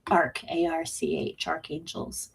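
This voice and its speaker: A woman co-hosts a live stream with a loose, joking manner, answering viewer questions. Her voice is husky and a little breathy, sitting on the low side. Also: little pitch movement, a little slow. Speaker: co-host and intuitive reader. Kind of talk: casual live-stream chat.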